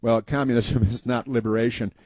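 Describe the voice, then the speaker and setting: Male talk radio host, rambling folksy storyteller, warm mellow voice. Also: medium pitch, steady tone, dry recording. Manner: halting, many uh fillers and restarts.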